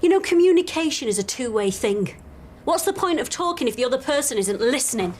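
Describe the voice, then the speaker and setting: A weary, hesitant wife. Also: female voice, fairly low pitch, steady tone, a little slow, darkish tone, a little hiss or hum. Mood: frustrated. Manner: hesitant, sighing, wry. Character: weary insomniac woman, soldier's wife. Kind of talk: TV drama acting.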